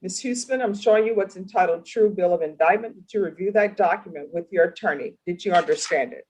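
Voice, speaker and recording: A woman judge in a courtroom, asking formal, deliberate questions in a stern manner. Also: fairly low pitch, darkish tone, husky, rough recording. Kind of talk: courtroom plea hearing.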